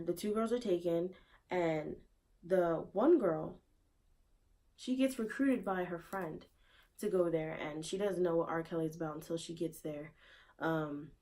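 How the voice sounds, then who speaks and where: A woman's voice: low voice, a little mellow. A woman giving her opinion casually in a vlog, repeating rhetorical questions in disbelief. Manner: conversational, with fillers. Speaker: vlogger.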